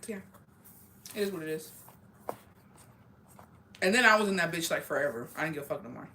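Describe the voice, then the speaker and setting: A woman's voice: sits low, lively intonation, brisk, bright, forceful tone, slight background noise. A young adult woman telling a school story in casual chat, rambling, blunt and full of swearing. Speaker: streamer.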